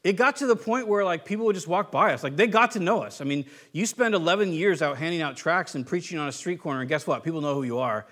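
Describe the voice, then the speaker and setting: High-voiced man giving a casual sermon. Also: expressive, fast talker, few pauses, a bit bright. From California. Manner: conversational, joking, acts out quoted voices. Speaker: pastor.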